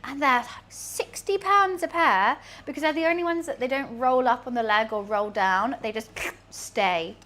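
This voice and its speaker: A woman's voice: high-pitched, moderate pace, hardly any pauses, fairly bright tone. A young British woman streaming, chatting casually and rambling while she cooks, laughing often. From United Kingdom.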